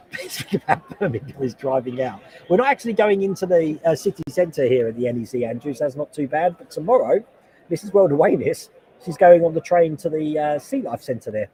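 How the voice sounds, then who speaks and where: A man's voice: a little high, lively intonation, normal speed, warm tone, low-quality recording. Chatty man in his forties. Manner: rambling and chatty, reading chat comments aloud. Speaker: host. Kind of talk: casual livestream chat. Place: loud convention hall. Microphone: noise-cancelling headset.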